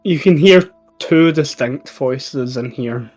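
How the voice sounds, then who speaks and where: A man narrating as game master of a tabletop game, unhurried and hesitant. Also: medium pitch, a little mellow, faint music behind.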